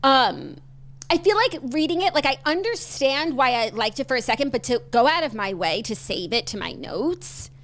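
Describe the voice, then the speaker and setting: A woman's voice: high voice, sing-song, moderate pace, a bit bright. A woman co-hosting a podcast, bantering in a bubbly, self-mocking way. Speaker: podcast co-host. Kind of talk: casual chat.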